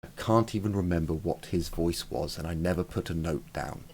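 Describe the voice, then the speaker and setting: A man narrating as game master of a tabletop game, in a relaxed, halting manner with fillers. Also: deep voice, slight background noise.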